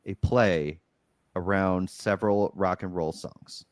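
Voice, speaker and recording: Man, lower voice, casual podcast co-host, animated, laughs a lot, dry close sound. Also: slow, dry recording. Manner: animated storyteller, laughs often. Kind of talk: casual movie review chat.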